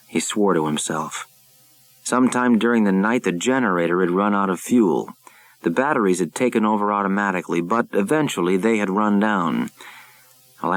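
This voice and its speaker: A man narrating an audiobook in a measured, dramatic storytelling manner, recorded close to the mic. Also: low-pitched, no room sound, rough recording.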